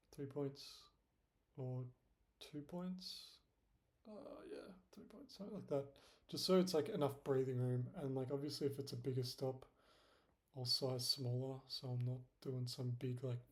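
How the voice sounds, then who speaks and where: A young trading vlogger with a warm, mid-range voice gives casual screen-share commentary. He rambles, uses many fillers and is self-deprecating.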